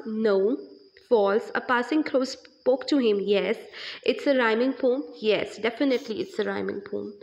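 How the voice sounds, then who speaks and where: A woman's voice: a little high, unhurried, gravelly, darkish tone, lo-fi sound. Pakistani woman teaching an English lesson. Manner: explains step by step, asks and answers her own questions. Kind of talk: online revision lesson.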